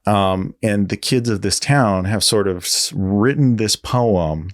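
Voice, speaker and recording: A man's voice: fairly low pitch, takes it slowly. A man being interviewed as a guest designer, talking in a rambling way and often correcting himself as he tells a story. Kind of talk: casual interview.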